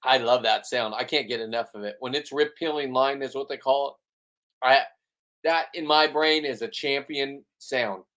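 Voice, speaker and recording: A man's voice: medium pitch, normal speed, a bit bright. A middle-aged man hosting a fishing vlog from a boat, talking in a brash, boastful, profane way. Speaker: fishing channel host. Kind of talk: casual boastful commentary.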